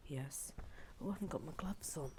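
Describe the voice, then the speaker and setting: A British woman chatting playfully in a soft, often half-whispered voice as she builds in a chilly garden shed. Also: low-pitched, normal speed, noisy background. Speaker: video host building toy bricks. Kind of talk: relaxed build-along chat.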